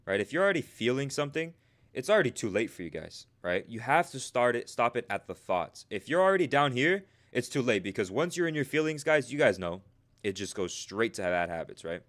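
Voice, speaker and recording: A young man coaching traders on a live stream, talking fast and tagging "right?" onto his points. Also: medium pitch. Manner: energetic, repeats "right?" as a check-in, acts out traders' inner voices. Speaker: trading coach.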